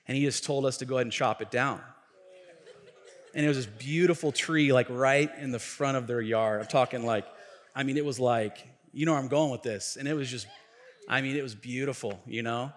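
A middle-aged male pastor telling a story in a sermon, chatty and animated, with restarts and asides. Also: medium pitch, brisk. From Tacoma, Washington. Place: church sanctuary. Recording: echoey church hall.

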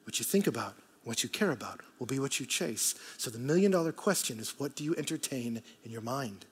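A man preaching a sermon, swinging from loud animated bursts to hushed low emphasis and acting out quoted voices for humor. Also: a little fast, breathy edge.

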